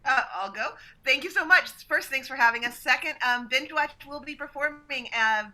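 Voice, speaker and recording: A woman's voice: high-pitched, moderate pace, pushed and bright. A woman improv performer politely listing upcoming shows over a video call. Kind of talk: promotional announcement.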